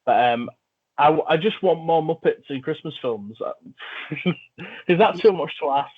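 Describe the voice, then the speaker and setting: A man's voice: a little high, animated, moderate pace, breathy edge. A man hosting a podcast, chatting about films in an enthusiastic, jokey way. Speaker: podcast host. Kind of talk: casual film chat. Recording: phone-like narrow audio.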